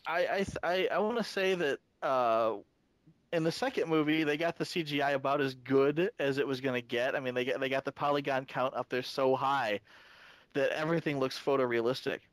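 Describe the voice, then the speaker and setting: A man co-hosting a casual fan discussion podcast, talking in halting bursts full of restarts and fillers. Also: mid-range voice, no room sound. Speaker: podcast co-host.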